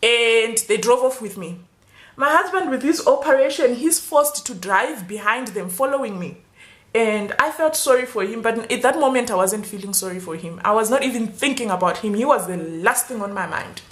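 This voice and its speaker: A young adult woman telling a storytime vlog, animated and acting out the dialogue. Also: a little high, moderate pace, roomy sound. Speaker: YouTuber.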